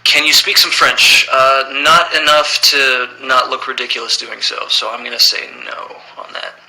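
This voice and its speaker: A man's voice: medium pitch, moderate pace, vocal fry, rough recording. A man in his thirties casually reading out fan questions on a livestream and answering them plainly. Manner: relaxed, reads questions aloud then answers plainly.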